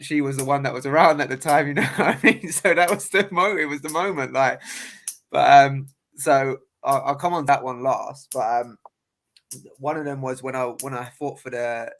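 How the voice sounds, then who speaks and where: A man's voice: mid-range voice, creaky, a bit bright. A young man, a boxer telling stories in casual podcast chat, laughing often and restarting his sentences. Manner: laughing, storytelling with many restarts.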